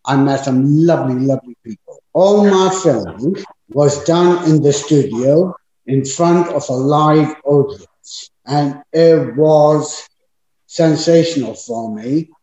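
A man's voice: on the high side, slow pace, mellow. Older man reminiscing in an echoey room. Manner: chatty, anecdotal storytelling with frequent fillers. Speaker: actor. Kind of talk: reminiscing interview. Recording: echoey, dull-sounding room.

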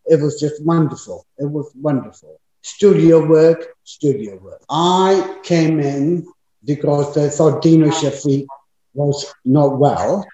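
An older male actor reminisces in an interview, spinning chatty anecdotes about his past work with frequent fillers. His voice sits on the high side with a dark tone, and the room sounds echoey and dull.

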